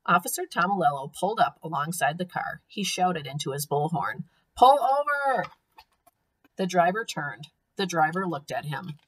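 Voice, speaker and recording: Husky-voiced teacher reading a story. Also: female voice, sits low, moderate pace, hardly any pauses. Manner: expressive, clear storytelling. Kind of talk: reading a storybook aloud to young children.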